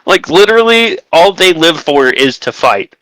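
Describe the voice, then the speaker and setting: A man's voice: fairly high pitch, big pitch swings, normal speed, sharp tone, dry recording, low-quality recording. A man speaking as a guest on a podcast, chatting casually and swearing when worked up. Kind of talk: casual chat.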